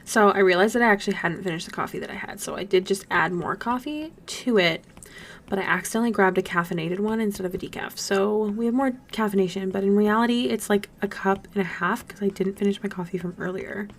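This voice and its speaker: A woman's voice: mid-range voice, fast, slight background noise. A young woman chatting casually on a live stream while she draws, bubbly and gushing. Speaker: streamer and artist.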